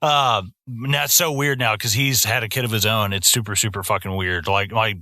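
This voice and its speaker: Bright-toned profane man, podcast co-host. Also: on the low side, normal speed, dry recording, studio quality. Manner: profane, animated storytelling with put-on voices. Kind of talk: casual film chat.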